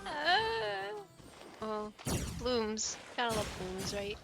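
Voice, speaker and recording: Young woman streaming a game, giggly and gushy, bright bouncy voice a bit high. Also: big pitch swings, drawn-out words, vocal fry, loud music behind the voice. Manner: giggly, gushing, laughs often. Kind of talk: casual let's-play chatter.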